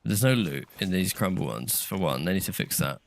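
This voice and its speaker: Low-voiced man, wry co-streamer. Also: animated, fairly quick, gravelly, no echo. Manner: wry, complaining, offhand. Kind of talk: casual live gameplay chat.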